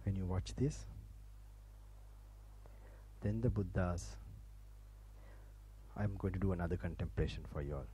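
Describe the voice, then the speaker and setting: Before a live audience in a campus hall, a Sinhala-speaking Sri Lankan monk gives a sermon in Sri Lankan-accented English, guiding listeners through relaxation. His voice is low and mellow, unhurried and full of pauses, on a rough recording with slight hiss or hum. He talks casually, laughs a lot, and restarts phrases that break apart.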